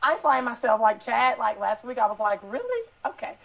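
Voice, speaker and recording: Bubbly high-voiced woman, gravelly, lo-fi. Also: moderate pace. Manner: bubbly, laughing, animated. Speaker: actress and morning show co-host. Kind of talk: casual interview chat.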